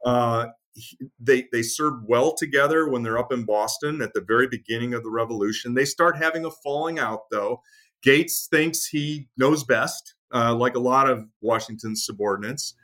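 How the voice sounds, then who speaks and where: Man explaining history in relaxed talk. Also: mid-range voice, normal speed. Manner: many fillers and restarts, storytelling with acted quotes. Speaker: author and military historian guest. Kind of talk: conversational interview.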